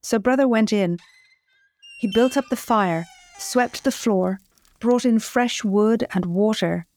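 A woman host narrating a folk fairy tale in a measured, scripted delivery, slowing at dramatic moments. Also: on the high side, a little mellow, no room sound. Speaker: host and storyteller.

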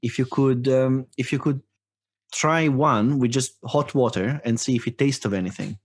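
A man's voice: mid-range voice, moderate pace, husky. A man co-hosting a podcast in casual chat, curious and a bit hesitant, asking questions. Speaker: podcast co-host.

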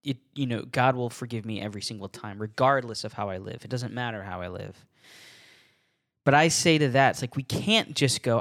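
A man talks through a solo podcast on faith in a relaxed, unscripted way. He chuckles between thoughts and trips over and repeats his words, while staying earnest about his points. His voice sits at an everyday middle pitch. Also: moderate pace. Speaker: podcast host.

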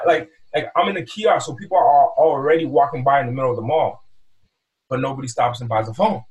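A man's voice: mid-range voice, fast, distant mic, dull audio. A man telling a story about selling phones at a mall kiosk, casually, acting out his talks with customers. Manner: animated, acts out customer exchanges, repeats words.

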